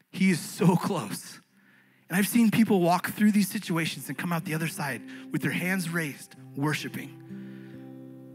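High-voiced fervent male pastor preaching. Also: low-quality recording. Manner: earnest, swings between fervent rises and quiet intimate passages. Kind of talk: sermon. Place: church stage.

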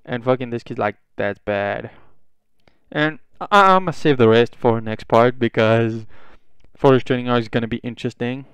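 A young man retells a fan story off the cuff, swearing freely and jumping into the characters' lines. His voice is smooth and clear at a middling pitch. The sound is dry and close to the mic. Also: a bit bright, no room sound. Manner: rambling and profane, acts out dialogue in quick bits.

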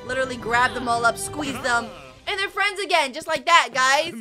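A young woman hosting a reaction video, excitedly commenting and laughing often. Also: high-pitched, moderate pace. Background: video soundtrack music playing.

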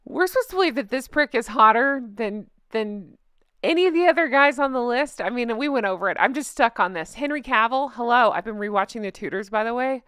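A woman with a fairly high voice hosting a chatty commentary vlog. She is sarcastic and giggly, and at times gushing. The sound is close and dry, with no room in it. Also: lively intonation, a little fast, a bit bright, smooth, no echo. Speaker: host.

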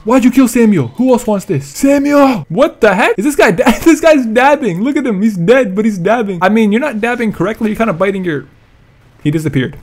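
A young man giving excited gameplay commentary, laughing, gasping and repeating himself as he plays. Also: sits high, brisk, slight background noise. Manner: excitable, laughs and gasps often, repeats phrases. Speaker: gaming YouTuber. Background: background music.

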